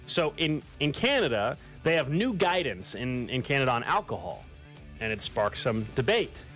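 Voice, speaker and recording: Steady male radio host, faint music. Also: mid-range voice, moderate pace. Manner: steady, leads segments. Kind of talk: sports radio talk. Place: radio studio.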